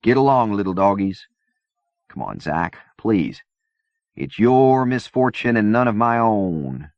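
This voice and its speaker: A man's voice: low-pitched, expressive, moderate pace, gravelly, slightly rough, dry recording, exaggerated voice. A man voicing a young man who talks urgently and pleads with his injured friend. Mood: pleading. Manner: pleading, insistent. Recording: dull dry cassette-era recording.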